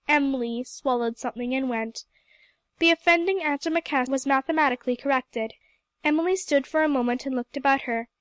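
A woman narrating a novel in a gentle, even storybook reading. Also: high voice, no echo. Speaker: audiobook reader. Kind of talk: scripted narration.

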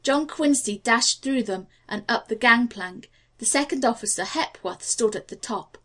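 A woman narrating an audiobook with a steady, expressive reading. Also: on the high side, moderate pace.

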